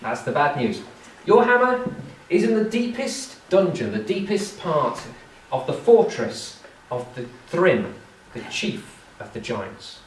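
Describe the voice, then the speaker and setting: A man's voice: fairly high pitch, big pitch swings, slow, slight background noise. A man voicing a scheming male trickster god who talks in a glib, bargaining way, heard from far off in an echoey live room. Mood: sly.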